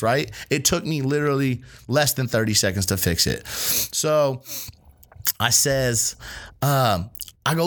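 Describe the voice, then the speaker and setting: Podcast co-host, male, casual storyteller, swears a lot, acts out the quotes. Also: fairly high pitch. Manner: animated, profane, acts out quoted voices. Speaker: restaurant line cook.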